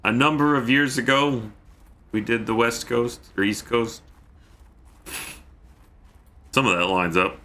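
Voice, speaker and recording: Bright-voiced joking male streamer. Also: mid-range voice, normal speed. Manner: joking, reads chat messages aloud. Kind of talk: casual gameplay commentary.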